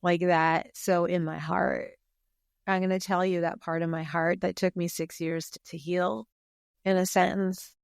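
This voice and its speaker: A woman speaking as a podcast guest in casual conversation, openly emotional and expressive, talking in quick bursts. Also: on the low side, vocal fry, smooth, no echo, clean studio sound.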